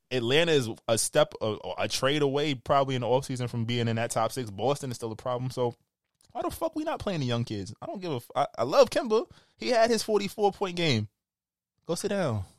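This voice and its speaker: A man's voice: medium pitch, fairly quick, no room sound, studio quality. A man with a New York accent, co-hosting a podcast and ranting about basketball in casual, profane, teasing banter. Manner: animated, profane, teasing rants. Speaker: podcast co-host.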